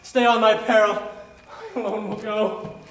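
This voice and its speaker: A woman's voice: mid-range voice, little pitch movement, measured pace, slight background noise, close to an everyday voice. A woman playing a cold, dismissive young nobleman, speaking verse curtly on stage in an echoey hall.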